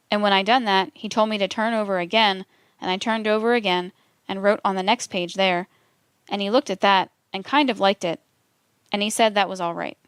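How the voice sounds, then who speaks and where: A woman reading a transcript aloud for a documentary in a measured, steady delivery. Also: medium pitch, smooth, dry recording. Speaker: documentary reader.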